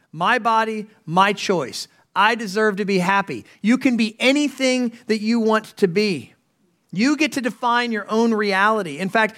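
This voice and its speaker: A man's voice: high voice, fairly bright tone. A man, a pastor in his thirties, preaching an earnest sermon full of rhetorical questions.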